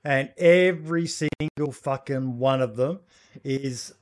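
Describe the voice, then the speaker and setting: A man's voice: mid-range voice, slow pace. Laid-back sweary Australian man. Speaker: podcast co-host. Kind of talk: casual chat.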